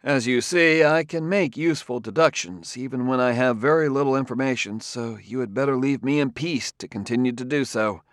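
A man's voice: medium pitch, brisk, few pauses, no echo, studio quality, voice pushed up, natural voice. A man reading an audiobook, voicing a determined Earthman detective who speaks in a clipped, insistent way.

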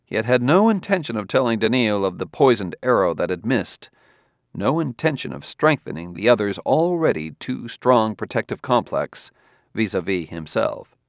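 A man narrating a story in a steady, even storytelling manner. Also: lowish voice, normal speed, dry recording, studio quality. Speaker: audiobook narrator. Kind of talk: scripted narration.

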